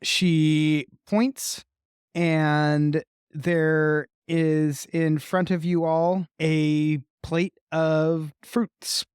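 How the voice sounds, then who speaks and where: A woman narrating a tabletop game as game master, measured and often laughing. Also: low voice, level tone, a little mellow, clean tone, dry recording, clean studio sound.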